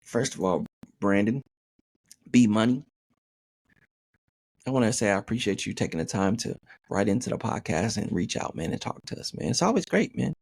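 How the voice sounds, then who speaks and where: A man's voice: lowish voice, animated, moderate pace, vocal fry, long pauses, darkish tone, husky, no echo, clean studio sound. A man hosting a podcast, reading a listener's email aloud and riffing on it in a joking, profane way, saying "man" constantly. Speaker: podcast host.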